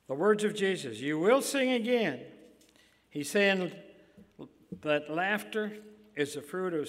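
Slow, older man preaching in a hall. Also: on the high side, fairly bright tone. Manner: halting, folksy, with many fillers and restarts. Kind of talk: sermon. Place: church sanctuary. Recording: long hall reverb.

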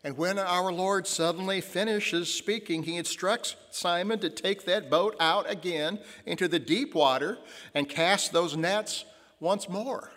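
A man preaching a sermon as pastor, telling stories and slowing down to stress key lines. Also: sits high, fairly bright tone. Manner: storytelling, slows for emphasis. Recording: long church reverb.

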